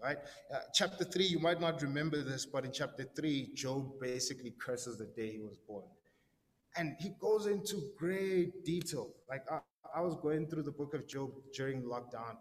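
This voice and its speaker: A man's voice: medium pitch, normal speed. A young man teaching a casual sermon to a live group in a large hall, talking conversationally with frequent restarts and checking in with his listeners. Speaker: pastor teaching a Bible study. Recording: long hall reverb, faint background noise.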